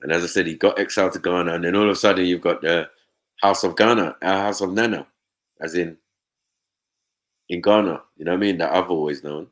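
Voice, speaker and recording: Lively low-voiced man. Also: brisk. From Nigeria. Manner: animated, swears freely, mimics voices. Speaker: panel host. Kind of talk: casual chat.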